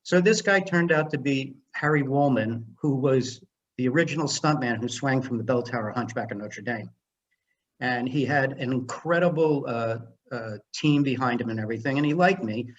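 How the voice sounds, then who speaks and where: A man's voice: mid-range voice, normal speed, highs cut off, slight background noise. An older man, a film director and screenwriter, telling stories as a guest in a casual interview and acting out the dialogue. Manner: animated storyteller who acts out dialogue.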